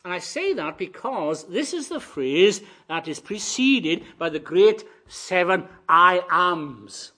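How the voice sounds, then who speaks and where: High bright-voiced male preacher. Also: sing-song, measured pace, few pauses. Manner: swings from quiet musing to loud rising proclamation. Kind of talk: sermon.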